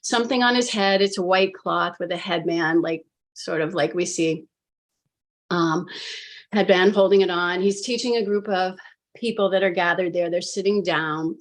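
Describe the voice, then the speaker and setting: Animated woman retelling a story. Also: on the low side, moderate pace. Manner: animated, filler-heavy retelling with acted quotes of herself. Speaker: hypnosis practitioner recounting her own session. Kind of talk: casual storytelling on a live panel.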